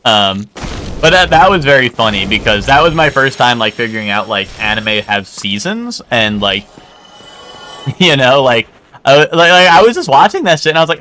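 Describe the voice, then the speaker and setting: Young male streamer with a bright, forward voice, loose rambling chat, lots of fillers and casual cursing. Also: mid-range voice, expressive, normal speed, slight background noise. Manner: rambling, many "like" fillers and restarts; swears casually. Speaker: game streamer.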